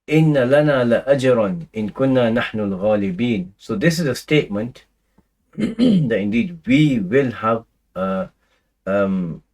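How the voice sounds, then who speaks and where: Low-voiced male scripture teacher, chatty. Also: a little mellow, breathy edge, rough recording. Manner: conversational, many fillers and restarts, recites Arabic verses. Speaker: Quran teacher. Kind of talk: casual lecture on scripture.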